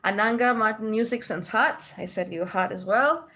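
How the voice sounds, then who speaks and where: A woman's voice: a little high, moderate pace, bright, forceful tone. A woman from Malaysia hosting a spiritual livestream in a casual, chatty way, reading out viewer comments and laughing often.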